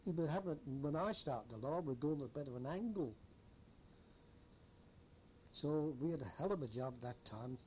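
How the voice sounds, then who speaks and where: A man's voice: fairly high pitch, expressive, normal speed, long pauses, a little mellow, slight background noise. An older man, a former lighthouse keeper telling a rambling old story with chuckles. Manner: rambling, chuckling anecdotal teller. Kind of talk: oral history storytelling.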